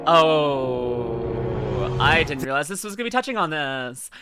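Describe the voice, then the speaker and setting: A man with a Canadian accent giving casual, rambling reaction commentary as a streamer, quick to laugh and exclaim. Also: fairly high pitch, very animated, over music.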